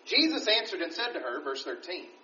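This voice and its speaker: A man's voice: sits high, sing-song, a little fast, pushed and bright, a little hiss or hum. A man teaching the Bible verse by verse, reading scripture aloud and then explaining it conversationally. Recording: dull, roomy recording from a distance.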